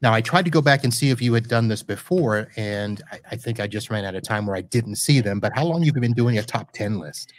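Speaking brisk and with few pauses, a man with a voice on the low side hosts a live podcast. It's a casual interview chat from a Florida home studio, and he's chatty and jokey, poking fun at himself when he self-corrects.

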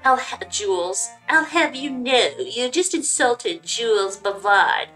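A woman voicing a snooty, sniffly rich man in a fancy suit who is fighting a bad cold, with a nasal, drawn-out, haughty delivery in a game playthrough. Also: on the high side, expressive, sharp tone, soft background music, heavily acted, poor audio.

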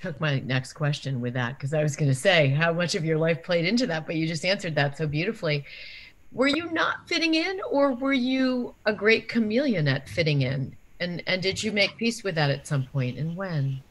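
Woman interviewer, low voice, warm, asks probing questions. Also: expressive, moderate pace. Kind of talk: conversational interview.

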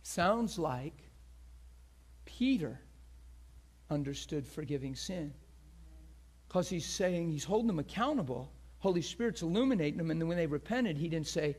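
A man with a high voice preaches a passionate sermon. He climbs to shouted peaks, then drops to a hushed near-whisper, and acts out the crowd's voices with sharp gasps. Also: lively intonation, normal speed, long pauses, slightly rough.

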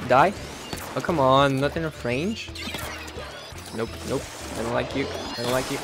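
A man giving live gameplay commentary as a streamer, excitable and breaking into shouted outbursts. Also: mid-range voice, slow, long pauses. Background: loud game music.

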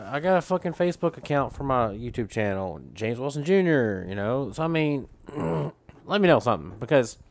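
A male gaming channel host giving a profane, ranting, exasperated gameplay commentary. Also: fairly high pitch.

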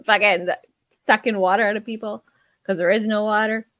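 A woman's voice: mid-range voice, fairly bright tone, dry recording. A woman co-hosting a podcast in casual chat. She swears freely, laughs often and acts out quotes from shows. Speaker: podcast co-host.

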